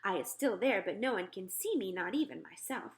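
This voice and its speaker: A woman voicing a boastful, excitable young boy. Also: mid-range voice, a little fast, close to an everyday voice. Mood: excited. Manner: excited, boastful storytelling with broken grammar.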